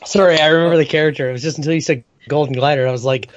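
A man's voice: a little high, fairly even intonation, rapid-fire, a little hiss or hum. A man on a podcast panel who chimes in with jokey, apologetic asides in casual chat. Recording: dry, dull lo-fi sound.

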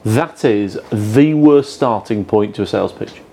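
Blunt man with a mellow voice. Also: fairly low pitch, unhurried, husky, faint music behind. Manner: blunt, opinionated, swears casually. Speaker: podcast co-host. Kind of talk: casual chat about sales.

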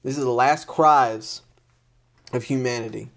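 A man's voice: mid-range voice, measured pace, fairly bright tone. A man in an unscripted rant to camera, blunt and exasperated, swearing often and repeating himself. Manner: blunt, heavy swearing, repetitive; frustrated and exasperated.

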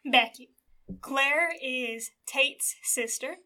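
A young woman co-hosts a podcast in relaxed, joking talk, laughing often. Her voice sits high and sounds bright and clear. She reads a list of characters with playful asides. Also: moderate pace. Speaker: podcast co-host. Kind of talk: casual chat.

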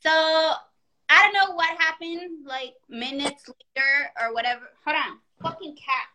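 Woman guest, high bright voice, tells a rowdy story in casual chat and acts out every quote. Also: a little slow. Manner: animated, profane storytelling with acted-out quotes.

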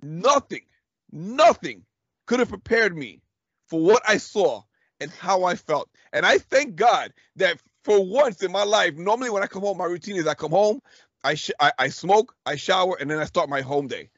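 A fairly high-voiced man in his thirties tells a story in a loose, animated way, swearing and laughing as he acts out the quotes. The sound is dull and lo-fi, with a dry, close feel. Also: moderate pace, no echo. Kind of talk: casual storytelling chat.

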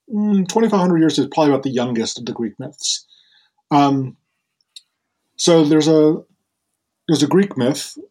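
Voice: mid-range voice, darkish tone, slightly rough, low-quality recording. A host retelling a Greek myth in casual, chatty conversation, with fillers and laughter. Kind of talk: casual storytelling.

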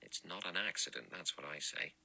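A man doing a blunt, gruff ex-inspector. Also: deep voice, fairly quick, bright, forceful tone, heavily acted, poor audio.

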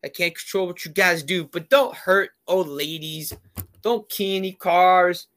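A man's voice: high-pitched, measured pace, a bit bright. A man telling a rambling story in a casual chat, heavy on fillers.

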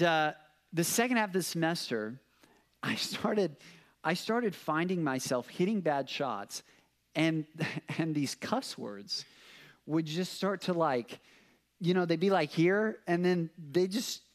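A young man preaching a casual sermon, telling stories with lots of fillers and animated asides. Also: sits high, a little slow. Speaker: pastor.

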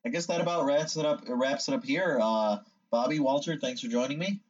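A man's voice: medium pitch, brisk. A young man hosting a casual podcast chat, joking and teasing his co-hosts. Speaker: podcast host. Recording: distant, dull-sounding mic.

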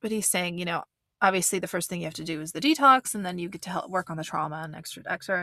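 A woman's casual commentary, earnest and meandering, full of restarts and fillers. Her voice sits a little low and the sound is dry and close, with no room around it. She is openly moved as she talks. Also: fast, sharp tone, dry recording. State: getting emotional. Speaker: commentator reacting to a reality show.

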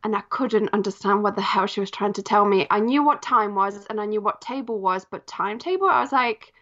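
A woman from Poland, Polish her first tongue, now speaking with a settled English accent. She is a guest on a podcast, talking thoughtfully with soft fillers as she remembers. Her voice sits mid-range and the recording sounds a touch muffled. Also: medium pitch, fairly quick. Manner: reflective, with frequent "kind of" and "um". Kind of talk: podcast interview.

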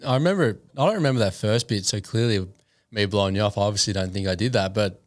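Laid-back young man, low-pitched. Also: no room sound. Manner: laid-back, measured, says mate. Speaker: podcast guest. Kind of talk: casual chat.

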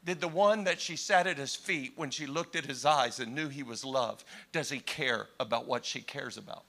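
A man delivers a sermon with a bright, forceful voice. He drops to slow, hushed phrases, then climbs into impassioned cries. He talks straight to his congregation. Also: mid-range voice, vocal fry. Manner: impassioned, swings from hushed to shouting. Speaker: preacher.

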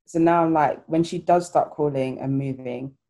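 A woman's voice: sits low, moderate pace, dark tone. A woman and new mother chatting casually, telling stories and acting out what people said. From Ghana. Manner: chatty, storytelling, acts out quoted voices. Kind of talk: casual chat.

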